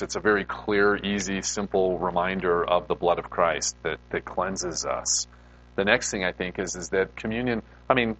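A man's voice: sits low, a bit bright, poor audio. A male pastor giving a conversational sermon in an informal way, putting rhetorical questions to his listeners.

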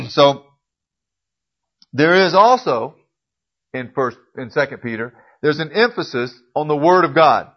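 A man teaching a casual Bible class in a church classroom. He clears his throat often and corrects himself as he goes. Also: fairly high pitch, expressive, measured pace, long pauses. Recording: dull lo-fi recording.

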